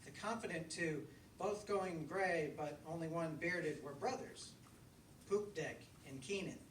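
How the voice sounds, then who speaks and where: A man author giving a relaxed live reading of his fiction at a book launch, with chuckles and small asides. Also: on the high side, unhurried. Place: bookstore event room. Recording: echoey room, distant mic, crowd hum.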